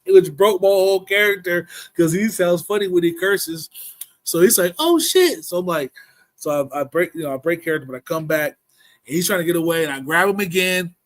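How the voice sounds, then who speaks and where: A man tells a story on a casual podcast, swearing freely and laughing as he goes. His voice sits a little high for a man. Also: poor audio. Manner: profane, animated, laughs often.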